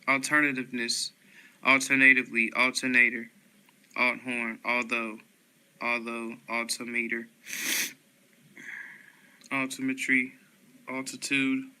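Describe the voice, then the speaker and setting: Over a rough recording, a man with a smooth, mid-range voice reads dictionary words aloud one after another. He stays steady and unhurried, making small slips and correcting them.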